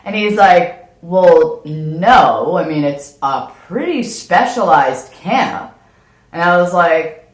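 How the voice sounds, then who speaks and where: A woman hosts a casual podcast chat and tells a story with animated energy. Her voice sits low but swings widely in pitch. The sound is roomy, with noticeable echo. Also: takes it slowly. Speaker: podcast host.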